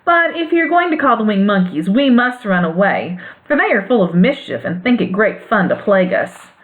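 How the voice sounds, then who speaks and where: A woman reading a storybook, voicing the tiny squeaky queen of the field mice with a kind, brisk manner. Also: big pitch swings, lightly acted. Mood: helpful. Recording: phone-like narrow band sound.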